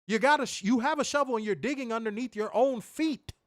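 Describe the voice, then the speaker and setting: A man's voice: extremely high pitch, a little fast, no room sound. Podcast co-host, male, angry profane rant, dry close sound. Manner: profane, fiery, repetitive rhetorical questions. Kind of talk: heated ranting commentary.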